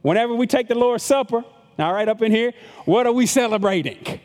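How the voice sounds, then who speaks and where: A man's voice: very high voice, fairly quick, a little mellow, in a large hall. A middle-aged man pastor preaching a conversational sermon to his congregation, repeating words and acting out the voices of critics. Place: church sanctuary with long reverb.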